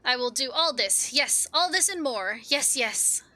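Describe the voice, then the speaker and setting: A woman's voice: sits high, expressive, measured pace, bright, forceful tone, no room sound, full character voice. A woman doing a fussy, boastful little foreman. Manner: repeats himself in breathless strings of synonyms.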